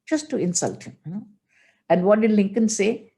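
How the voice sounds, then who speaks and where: A woman's voice: medium pitch, lively intonation, normal speed, vocal fry, warm tone. Older woman spiritual teacher, emotional storytelling sermon, chants scripture. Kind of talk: religious discourse.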